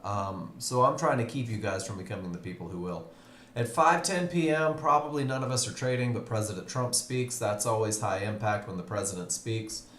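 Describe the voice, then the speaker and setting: A man's voice: lowish voice, fairly quick, fairly bright tone, reverberant, a little hiss or hum. Upbeat man greeting webinar viewers. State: tired, yawning. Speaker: trading class instructor. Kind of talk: live webinar teaching. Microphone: computer mic on a live stream.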